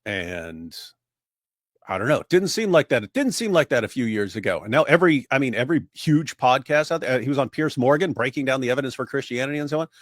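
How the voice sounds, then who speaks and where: A man's voice: mid-range voice, expressive, fast talker, dry recording, clean studio sound. A man chatting casually on a livestream, telling rambling anecdotes with lots of filler words. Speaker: co-host.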